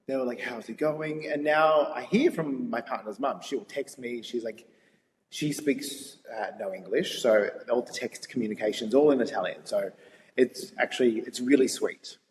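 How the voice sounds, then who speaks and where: A young man with an Australian accent tells animated, laughing stories in a relaxed interview chat. His mid-pitched voice carries a long reverb from the room. A faint ambient hum sits in the background. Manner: animated storyteller, laughs often. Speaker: guest.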